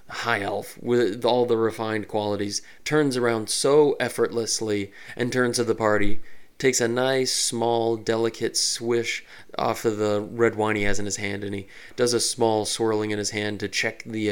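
A man at an everyday mid pitch talks through ideas on his solo podcast. He is animated and loose, full of fillers and side remarks. His tone is relaxed and conversational, like a game master thinking out loud. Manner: rambling, animated, many fillers. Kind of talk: casual solo podcast monologue.

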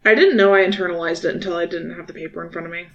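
A woman's voice: on the low side, steady tone, very fast, a bit bright, highs cut off. A woman co-hosting a podcast, tossing in wry, teasing quips. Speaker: podcast co-host. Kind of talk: casual chat.

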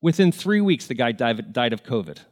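A man's voice: mid-range voice, sing-song, moderate pace, a little mellow. A man preaching a sermon, telling stories in an earnest, emotional way. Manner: earnest, emotional, tearful at moments. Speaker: pastor. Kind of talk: sermon storytelling.

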